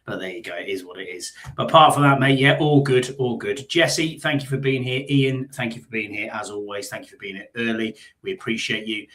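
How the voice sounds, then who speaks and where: A man's voice: fairly low pitch, brisk, hardly any pauses, a bit bright. A middle-aged man hosting a live sports talk show, chatting casually and rambling with frequent fillers. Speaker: podcast host.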